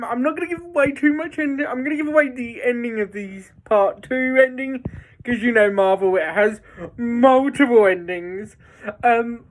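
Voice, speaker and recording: A woman chats slowly through a film review. She rambles, full of fillers and restarts, and sounds excited about what she saw. Her voice sits at an ordinary middle pitch. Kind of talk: casual spoken film review.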